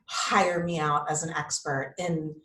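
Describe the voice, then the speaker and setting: A candid, chatty woman in her fifties, talking as a guest yoga instructor in a relaxed interview. She fills her speech with casual asides. The recording has a noticeable roomy echo. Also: low voice, a little slow. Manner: candid, chatty, frequent likes and you-knows.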